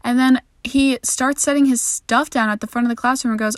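A woman's voice: fairly high pitch, brisk, no room sound. Candid young woman, dry close voice. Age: young adult. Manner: candid, self-deprecating, sweary, animated quoting. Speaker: podcast host. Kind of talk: casual storytelling monologue.

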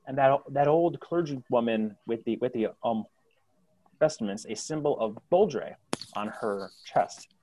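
A man's voice: fairly low pitch, a little mellow. A man narrates a tabletop game as game master. He stops and restarts often, filling gaps with ums as he describes the scene. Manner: halting, many restarts and fillers.

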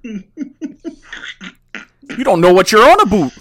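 A man's voice: sits high, sing-song, a little slow, a bit bright, pitched above the performer's own voice, heavily acted. A man putting on an older Montreal mobster with a Canadian accent, stretching his vowels and tacking on "eh" and "don't you know.". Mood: blustering. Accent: put-on Canadian. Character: older male Montreal mobster, menacing, folksy.

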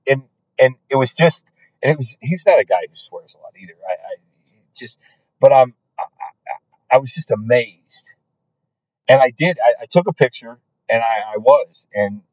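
A man speaking at a middle pitch, telling his own story as a podcast host. He sounds earnest and halting, and often restarts his sentences. The audio is dry and a little dull. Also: darkish tone, no echo.

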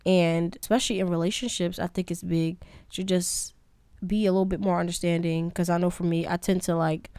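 A young woman with a slightly low voice talks alone in a candid, meandering way, owning up to her own faults. Her sound is dry and close, with no room around it. It feels like a casual podcast monologue. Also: level tone, fairly quick, a little mellow, clear, resonant tone, no echo. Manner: candid, rambling, self-critical. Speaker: podcast host.

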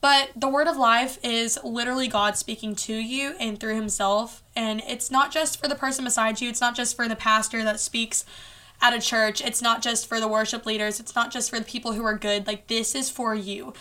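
Earnest woman podcast host, casual faith talk, higher bright voice, chatty fillers. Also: fairly even intonation, moderate pace.

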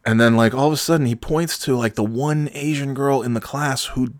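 A man's voice: medium pitch, fairly even intonation, a little fast, no echo, studio quality. A man telling a story in a loose, rambling way, full of restarts, swearing and exasperation. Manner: rambling, profane, self-correcting and exasperated. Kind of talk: casual storytelling monologue.

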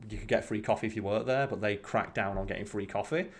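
A man in casual chat, telling work stories in an animated way and acting out his old bosses, with plenty of swearing. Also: fairly low pitch, fast. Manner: animated storytelling, acts out quoted bosses; swears freely.

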